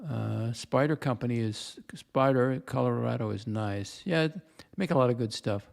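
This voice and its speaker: An older man talks loosely on a livestream, drifting from one story to the next and repeating himself as he goes. His voice has a gravelly, rough edge and sits at an ordinary pitch for a man. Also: moderate pace, darkish tone. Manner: chatty storyteller, repeats himself, reads chat comments. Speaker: livestream host. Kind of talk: rambling casual chat.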